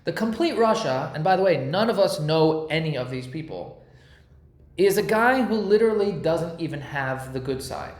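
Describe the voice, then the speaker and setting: A man teaching a casual Torah class, lively and slangy, explaining ideas through pop-culture comparisons. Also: on the high side, moderate pace, reverberant.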